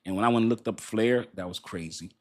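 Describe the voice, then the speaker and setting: A man's voice: on the low side, quick pace, a little mellow. Man, middle-aged, crypto stream host, casual chat, rambling, laughs a lot, restarts sentences.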